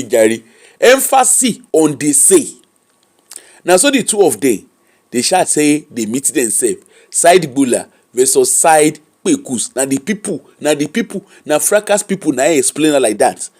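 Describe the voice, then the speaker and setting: A Nigerian man runs a gossip commentary livestream in a high, lively voice that swoops up and down. He is animated, laughs often, and breaks off to thank viewers by name. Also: unhurried. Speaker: host.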